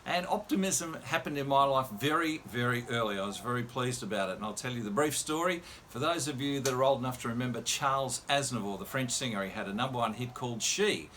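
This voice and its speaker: Older man, casual storytelling, radio presenter, middle pitch, slight background noise. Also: lively intonation, quick pace, hardly any pauses, fairly bright tone. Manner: chatty anecdotal, quotes others in dialogue.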